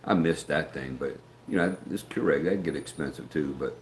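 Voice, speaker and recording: Out in the open with a handheld camera on a gimbal, a middle-aged American hosts a relaxed morning live stream, calling out viewers by name as he rambles in a folksy way. His voice is very deep and his pace is normal, with a bit of background noise in the sound.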